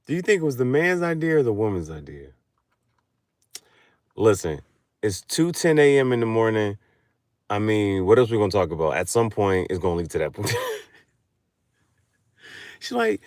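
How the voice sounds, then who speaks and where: A man with a fairly low voice rambles in a late-night casual monologue. His pitch swings widely, from hushed mutters up to squeaky outbursts, and he laughs often. The sound is dry and close, with no room echo. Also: expressive, moderate pace, pauses often. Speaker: vlogger.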